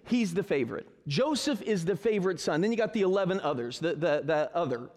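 Joking, high-voiced male preacher. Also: animated, fairly quick, a little mellow. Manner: joking, sarcastic storyteller. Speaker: pastor. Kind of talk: humorous Bible teaching. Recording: reverberant hall.

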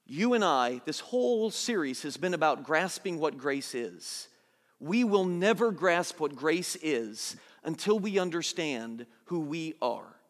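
A man pastor preaching a sermon, swinging from soft, low lines to loud, urgent ones. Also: long reverb tail.

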